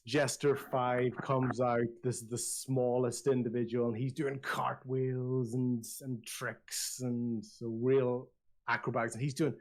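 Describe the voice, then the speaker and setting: A man narrating a tabletop game as game master, telling the story in a lively way with many restarts. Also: mid-range voice.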